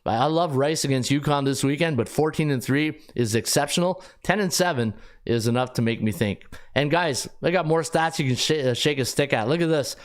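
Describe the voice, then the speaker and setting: A middle-aged man hosting a sports betting podcast, talking casually in an animated, rambling way with frequent restarts. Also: on the high side, fairly quick. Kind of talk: casual live-stream talk.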